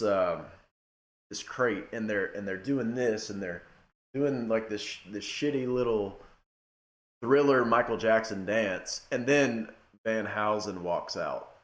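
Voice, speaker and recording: Emphatic young man ranting in an echoey room. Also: unhurried. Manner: emphatic, swings from loud outbursts to low muttering. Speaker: wrestling commentator. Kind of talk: casual rant to camera.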